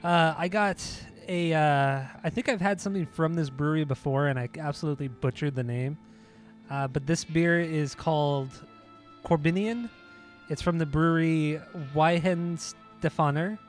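A young man with a slightly higher voice chats loosely about beer, teasing his friend and tripping over foreign names. He has a tickle in his throat. Faint music plays behind him. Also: moderate pace. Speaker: podcast co-host reviewing beer. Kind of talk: casual chat.

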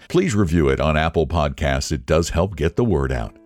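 A man who hosts a podcast, reading a literary story aloud in an expressive, measured storytelling manner. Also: very deep voice, dry recording, clean studio sound. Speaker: podcast host and story reader.

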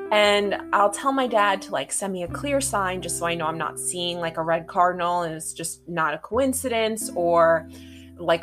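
Woman host, casual chatty monologue, lowish voice, guitar music under. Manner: chatty, swears freely, many fillers. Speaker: spiritual podcast host.

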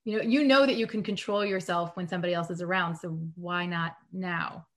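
A woman in a casual live-streamed chat, giving practical parenting advice with quick laughs. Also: on the low side, fairly even intonation, a bit bright. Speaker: guest parenting coach.

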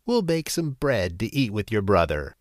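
Shrill cackling storybook witch, old and wicked, played by a male narrator, dry close sound. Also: sing-song, moderate pace, dry recording. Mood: greedy. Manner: shrill, screeching. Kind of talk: storybook reading.

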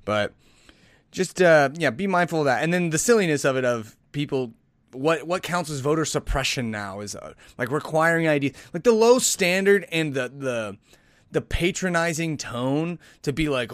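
A man's voice: a little high, animated, moderate pace, dry recording. A man hosting a podcast, casually commenting on satirical headlines in a rambling, sarcastic way with frequent restarts. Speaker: podcast host.

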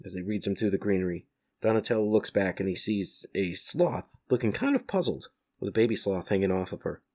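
A man reads a comic book aloud, describing each panel in a relaxed, rambling way. His voice sits low but moves around a lot. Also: brisk. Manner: casual, describing panels with fillers. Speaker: comic reader.

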